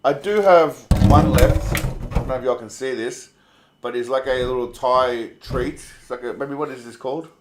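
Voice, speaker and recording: A man's voice: medium pitch, flat delivery, brisk, a bit bright, a little hiss or hum. An Australian man hosting a casual livestream, reading viewer comments aloud in a laid-back, chatty way, swearing freely and calling people mate. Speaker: livestream host.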